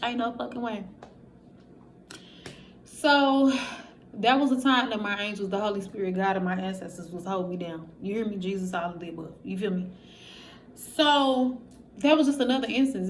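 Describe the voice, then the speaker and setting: Slight background noise accompanies this medium-pitched woman, a vlogger relating a personal story to her followers. She's candid and casual, curses along the way, and animatedly acts out other people's quotes.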